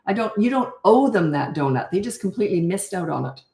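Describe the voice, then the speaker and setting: An older woman coaching parents in a blunt, animated way, answering questions and acting out how to talk. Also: medium pitch, quick pace, gravelly, echoey room. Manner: blunt, animated, acts out parent and child voices.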